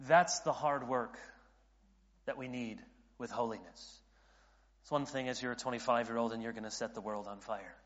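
A man's voice: mid-range voice, normal speed, pauses often, a bit bright. A man in his late thirties preaching a sermon as a pastor, earnest, often restarting his sentences and building in intensity. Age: late 30s. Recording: dull audio in a reverberant hall.

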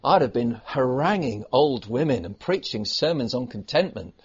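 A man preaching a sermon as a pastor, swinging between loud emphasis and hushed asides. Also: mid-range voice, animated, normal speed, breathy edge. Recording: dull lo-fi recording.

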